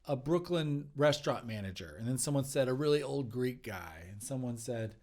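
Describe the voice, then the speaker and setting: A man's voice: mid-range voice, expressive, moderate pace, a little mellow. A man hosting a live comedy stream, casually explaining an improv character game. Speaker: show host and performer.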